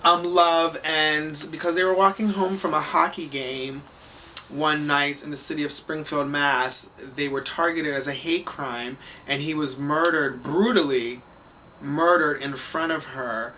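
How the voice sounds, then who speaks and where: A male talk show host with a fairly high, bright, sharp voice. He speaks in a gushing, effusive way, heaping praise on his viewers, over a faint background hiss. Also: fairly even intonation, a little slow.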